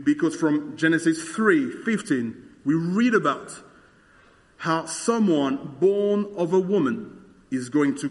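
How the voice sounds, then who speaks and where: Man, fairly high voice, casual Bible teaching, lots of fillers, long reverb tail. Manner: conversational, with many "like" and "uh" fillers. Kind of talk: explaining scripture verse by verse.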